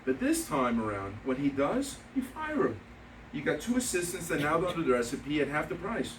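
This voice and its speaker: In an echoey meeting room, a man who trains insurance agents gives a motivational seminar talk to a live audience, with a loud crowd around him and the mic at a distance. His voice is a little high and sing-song at a normal speed, and he's emphatic, repeating key points and telling stories with quoted dialogue.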